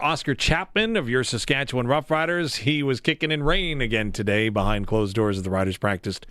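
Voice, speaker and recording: Joking Canadian sports radio host. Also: male voice, medium pitch, a little fast, hardly any pauses. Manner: lively, joking interviewer. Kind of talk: radio interview and call-in chat.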